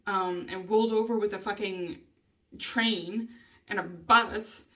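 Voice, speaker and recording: A woman's voice: mid-range voice, steady tone, takes it slowly, fairly bright tone, distant mic. A woman vlogger venting in a rambling, casual way, swearing heavily and laughing often between thoughts. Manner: rambling, heavy swearing, frequent nervous laughter.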